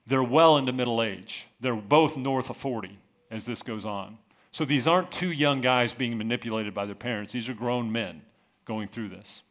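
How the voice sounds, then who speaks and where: A man preaching a sermon in a relaxed, conversational tone. His voice sits at an ordinary middle pitch. He explains as he goes and keeps checking in with rhetorical questions. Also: moderate pace. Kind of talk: sermon teaching.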